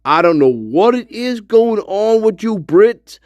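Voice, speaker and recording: A man's voice: sits high, very animated, unhurried, darkish tone, no room sound, muffled recording. A man playing a cursing, fed-up spirit guide. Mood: exasperated. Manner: foul-mouthed stammering rant. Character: exasperated profane male spirit guide in the afterlife. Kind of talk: improvised comic monologue.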